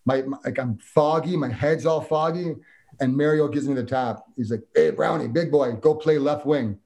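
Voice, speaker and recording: A man from Canada tells an old hockey story in casual chat, his voice at an everyday middle pitch. He acts out the lines of the people in the story as he goes. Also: moderate pace. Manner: animated storyteller, acts out quotes. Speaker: guest, former hockey player.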